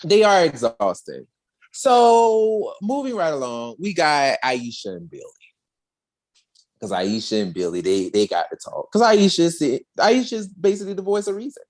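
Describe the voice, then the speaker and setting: A podcast co-host recapping a story in a sassy, slangy, animated way, with acted quotes. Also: medium pitch, moderate pace. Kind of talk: casual chat.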